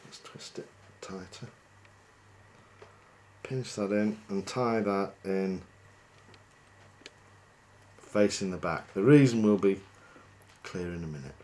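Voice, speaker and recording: A man's voice: low voice, slow pace, pauses often. Chatty man tying a fly. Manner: chatty, relaxed, self-deprecating. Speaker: fly fishing guide.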